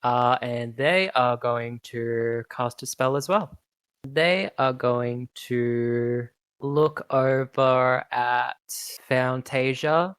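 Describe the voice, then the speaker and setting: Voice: mid-range voice, fairly even intonation, takes it slowly, clean tone, no room sound. A game master narrating a tabletop game in a laid-back, hesitant way with many ums.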